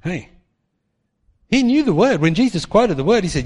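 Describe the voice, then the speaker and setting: A man preaching a sermon in an animated way, acting out the voices of people in his stories. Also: sits high, moderate pace, slightly rough. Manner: animated, acts out quoted voices. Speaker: pastor. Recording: long hall reverb.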